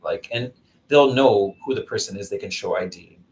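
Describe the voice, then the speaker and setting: A man's voice: on the low side, normal speed, darkish tone, a little hiss or hum, rough recording. Casual rambling man on a live stream. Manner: rambling, storytelling, answers viewer comments. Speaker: vlogger doing a live stream. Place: Zamboanga City.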